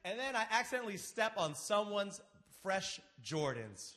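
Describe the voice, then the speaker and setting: A man's voice: sits high, moderate pace, very noisy. A man in his thirties telling a comedic personal story live on a theater stage into a microphone, acting out the voices of his friends. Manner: animated, acts out friends' voices. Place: large theater stage before an audience.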